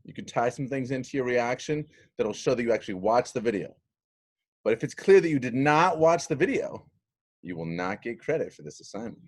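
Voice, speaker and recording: A man's voice: medium pitch, fairly quick. A male teacher walks students through a Latin text in a recorded lesson. His voice swings widely up and down, and he keeps the delivery playful and full of jokes. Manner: animated, playful, jokey.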